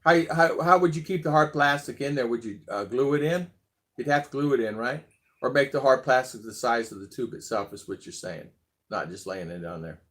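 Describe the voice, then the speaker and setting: A man's voice: medium pitch, brisk, a bit bright. A man hosting a casual live stream, chatting loosely and reading out viewer comments, often laughing as he rambles. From abroad, living in the Philippines.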